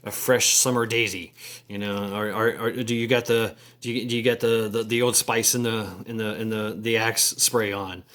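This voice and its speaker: A man talking casually to camera in a halting, rambling way, full of fillers, restarts and crude slangy asides. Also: lowish voice, flat delivery, a bit bright. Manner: halting, many repeated words and fillers. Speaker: vlogger.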